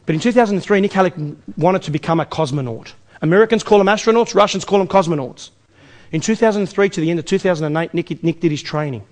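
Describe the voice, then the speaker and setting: A man's voice: high-pitched, fast, a little mellow. A man with an Australian accent giving a live investment seminar, energetically quizzing the audience with rhetorical questions. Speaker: seminar presenter.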